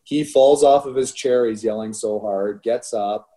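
A middle-aged man with a low, mellow voice tells stories in a relaxed chat. His delivery is animated, and he keeps checking in with "right?" as he goes. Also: measured pace. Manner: animated storyteller, laughs through anecdotes, frequent "right?". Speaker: youth hockey coach, podcast co-host. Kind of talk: casual storytelling chat.

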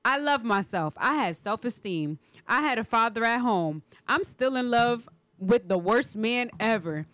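A woman's voice: a little high, lively intonation, a bit bright, no echo. Teasing woman in a dry room. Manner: teasing, quick interjections. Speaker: podcast co-host. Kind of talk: casual chat.

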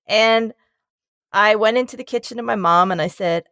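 A woman telling a funny story in casual chat, animated and acting out the voices of the people in it. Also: on the high side, normal speed, gravelly, dry recording, clean studio sound.

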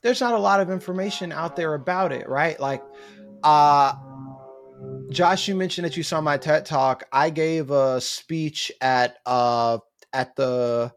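Animated young man telling stories. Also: on the high side, measured pace, faint music behind. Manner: animated storyteller who acts out quotes. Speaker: guest author. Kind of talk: casual podcast chat.

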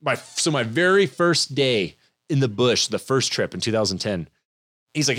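A man's voice: medium pitch, normal speed, dry recording, studio quality. A young man in casual chat, telling stories with animation and acting out the people in them. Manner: animated storyteller, acts out quoted people.

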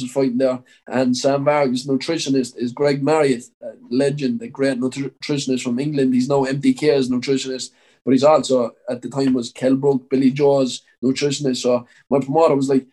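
Young Irish fighter, mid-pitched and loose-tongued, full of "like" fillers and curse words, casual interview storytelling. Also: male voice, flat delivery, a little fast, dark tone, rough recording. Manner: rambling, peppered with "like" and swearing. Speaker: professional boxer.

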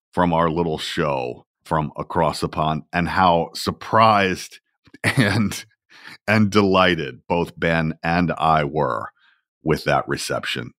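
Man, middle-aged, podcast host, deep voice, slow pace, dry close mic. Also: a bit bright, dry recording. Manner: chatty, self-deprecating, storytelling. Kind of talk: conversational podcast talk.

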